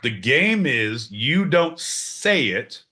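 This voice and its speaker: A man co-hosting a comedic podcast in casual banter, animated and crude, breaking into loud mock outbursts. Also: medium pitch, drawn-out words. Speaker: podcast co-host.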